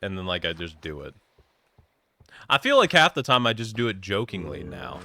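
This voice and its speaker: A man's voice: sits low, sing-song, normal speed, long pauses, pushed and bright. A young man streaming a game, chatting casually and jokingly, rambling and now and then slipping into a put-on southern twang. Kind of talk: casual gaming stream chat.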